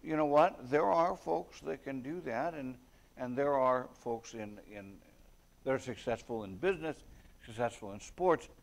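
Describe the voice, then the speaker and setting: Male preacher, unhurried sermon delivery, conversational and earnest with sudden emphatic bursts, mid-pitched voice. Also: creaky. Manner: reads scripture aloud in King James wording.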